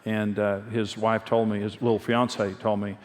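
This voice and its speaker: The preacher, a pastor and marriage speaker, keeps his lowish voice fairly even in pitch, slightly mellow and at a moderate pace. He tells personal stories earnestly in a conversational sermon and repeats key phrases, recorded in a large hall with long reverb.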